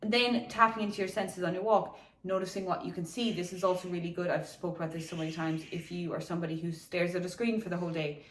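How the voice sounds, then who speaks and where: A woman in a casual, reflective talk about slowing down, speaking loosely with swearing and laughter while out on a morning walk. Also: fairly low pitch, fairly even intonation, reverberant, distant mic, slight background noise. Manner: meandering, chatty, swears casually, laughs often. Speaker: wellness vlogger.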